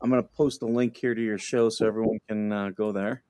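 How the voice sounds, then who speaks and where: Give me a joking, relaxed man host of an online chat show. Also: lowish voice, a little fast, smooth.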